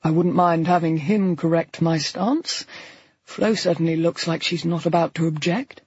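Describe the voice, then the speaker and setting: A man's voice: fairly high pitch, normal speed, breathy edge, dry recording, highs cut off. A man playing a witty, gossipy young man with an arch manner.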